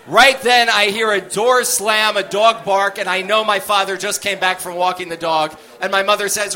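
Male stand-up comic, high bright voice, animated storyteller. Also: moderate pace, few pauses. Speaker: stand-up comedian.

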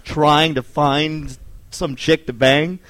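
A man's voice: a little high, steady tone, slow pace, a bit bright, no room sound. A man in his twenties, guest on a podcast recorded in a bar, joking and swearing in casual banter. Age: 20s. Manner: joking, swearing, self-deprecating.

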